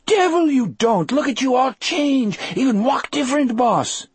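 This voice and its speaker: A man voicing a frightened, superstitious prisoner with a Cajun accent, excitable and shrill. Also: a little slow, breathy edge, no echo, heavily acted. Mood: agitated. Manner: shrill, excitable, broken grammar.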